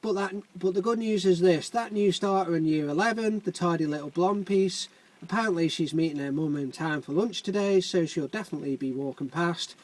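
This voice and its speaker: A man's voice: high voice, a little fast, a little mellow, poor audio. A man voicing a brash, jovial male building site foreman, full of crude laddish banter.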